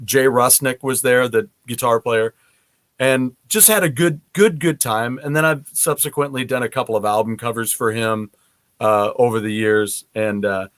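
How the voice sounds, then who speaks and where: A man hosting a casual chat, relaxed, giving short replies and telling his own anecdote. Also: mid-range voice, normal speed, no echo. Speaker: podcast host.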